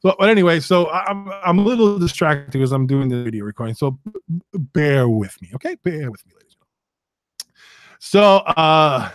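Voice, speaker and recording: Here a middle-aged podcaster mutters profanely and rambles on casually while getting his live stream going. The pitch is a little high, the intonation lively, the pace brisk. It's a dry, clean studio recording.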